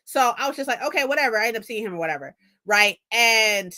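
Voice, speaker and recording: A young woman in her twenties telling a story in a casual vlog, animated and profane, laughing often. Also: mid-range voice, a little fast. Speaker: vlogger.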